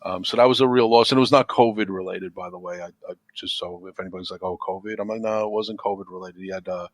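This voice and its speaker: A middle-aged man in casual podcast talk, rambling and repeating words, turning animated when he tells a story. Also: sits low, quick pace, dry recording. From United States. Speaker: podcast guest. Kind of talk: casual chat.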